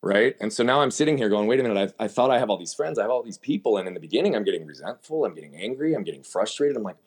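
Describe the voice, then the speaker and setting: A man's voice: lowish voice, animated, racing, hardly any pauses, breathy edge. A man as an interview guest, telling his story candidly and emphatically and asking himself rhetorical questions. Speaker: podcast guest.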